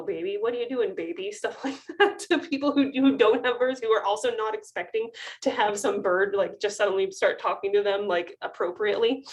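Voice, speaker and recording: An avian veterinarian in her thirties, speaking at a middle pitch, gives a webinar talk over a video call. Her casual storytelling about the clinic is loose and chatty, full of frequent laughter and restarted sentences.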